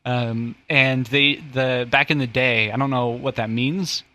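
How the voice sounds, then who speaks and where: A man's voice: mid-range voice, steady tone, measured pace, bright, forceful tone. A man hosting a casual comedy podcast, rambling and joking as he explains word origins. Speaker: podcast host.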